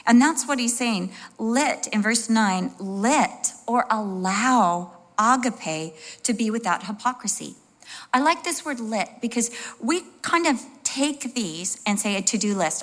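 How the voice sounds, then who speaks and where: Expressive woman preaching a sermon. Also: on the high side, unhurried. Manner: conversational and expressive, with asides and little acted-out voices.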